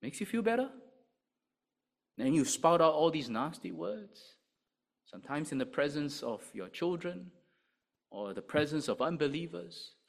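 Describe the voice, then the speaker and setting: A man preaching a sermon, asking rhetorical questions and swinging between loud emphasis and quiet, low asides. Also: a little slow, vocal fry, long pauses. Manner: animated, rhetorical questions, rises and drops sharply in volume.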